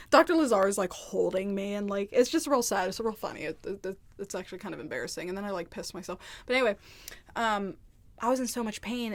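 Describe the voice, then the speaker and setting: A woman telling a candid storytime to camera in casual chat, rambling and peppered with "like". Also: mid-range voice. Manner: candid, rambling, heavy use of "like". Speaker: vlogger. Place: indoors, seated at home.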